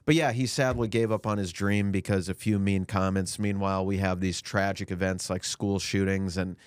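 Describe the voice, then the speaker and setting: Low-voiced deadpan podcast co-host man. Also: moderate pace, clean tone, no echo. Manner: deadpan, mock-earnest riffing. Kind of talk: satirical casual chat.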